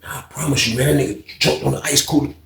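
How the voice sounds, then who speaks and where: A man telling a story in casual, animated, profane talk, acting out other people's voices. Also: medium pitch, fast, gravelly, reverberant, a little hiss or hum.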